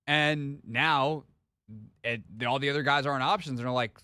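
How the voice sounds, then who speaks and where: A man's voice: medium pitch, fairly even intonation, normal speed, pushed and bright, clean tone, no echo. A man hosting a sports radio show, talking in a loose, rambling, joking way. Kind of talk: casual talk radio banter. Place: radio studio.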